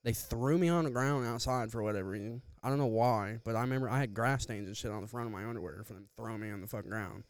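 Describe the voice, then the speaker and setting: A man's voice: medium pitch, fast talker, hardly any pauses, clean tone. A young man casually telling a profane story on a podcast, laughing often, close to the mic. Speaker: podcast co-host.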